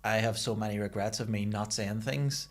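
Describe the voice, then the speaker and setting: A man with a low voice guests on a casual podcast. He is a comedian who drops blunt, joking asides into the chat. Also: fairly even intonation, moderate pace.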